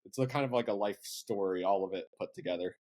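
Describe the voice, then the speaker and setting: A man's voice: lowish voice, fast, a little mellow. A man from central Pennsylvania, a marketing agency owner, chatting casually as a podcast guest with lots of fillers and asides. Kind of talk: casual interview chat.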